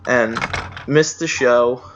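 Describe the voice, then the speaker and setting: A man's voice: mid-range voice, steady tone, takes it slowly, background noise. A young man casually telling a story among friends, swearing and acting out the people he quotes. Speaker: podcast storyteller. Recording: dull lo-fi home recording.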